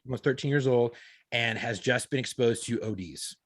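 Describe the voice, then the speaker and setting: A man's voice: mid-range voice, moderate pace. A man in his thirties, a podcast co-host, telling a story in casual, profane talk full of quoted dialogue. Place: podcast studio.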